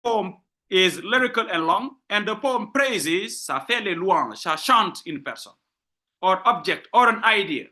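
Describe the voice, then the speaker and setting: A man with a giving a university literature lecture, explaining terms slowly, repeating and rephrasing points, often checking in with "okay?". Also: high voice, expressive, bright, forceful tone. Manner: slow deliberate delivery with frequent rephrasing.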